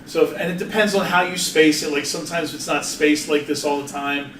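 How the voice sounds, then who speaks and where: A man's voice: a little high, steady tone, fairly quick, a bit bright, a little hiss or hum. A man giving a live workshop presentation in an office meeting room, chatty and jokey, often restarting his sentences and laughing. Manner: casual, chatty, self-interrupting with frequent restarts. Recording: roomy, distant mic, faint ambience.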